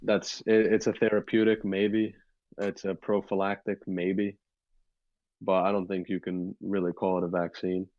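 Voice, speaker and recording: A man in his twenties with a low voice, chatting casually on a podcast. He rambles with plenty of fillers and restarts, and the recording sounds dull and dry. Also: completely flat delivery, a little slow, no room sound. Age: 20s. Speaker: podcast co-host. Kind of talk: casual chat.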